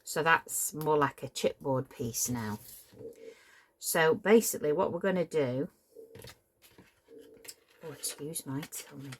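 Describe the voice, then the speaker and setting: Slow, low-voiced chatty woman. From Cheshire, England. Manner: chatty, apologetic, wanders off on tangents. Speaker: papercraft tutorial host. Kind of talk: casual crafting demonstration.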